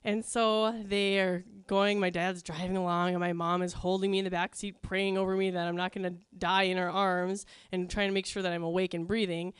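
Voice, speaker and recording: A woman's voice: fairly low pitch, level tone, fairly quick, few pauses, clean tone, dry recording. A woman telling a funny personal story to a live crowd in a chatty, wry, self-mocking way, with plenty of ums.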